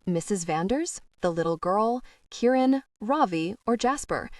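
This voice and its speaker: A woman's voice: medium pitch, no echo. Woman narrating an audiobook, dry sound. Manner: measured, expressive reading. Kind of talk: scripted narration. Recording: dry, slightly distant mic.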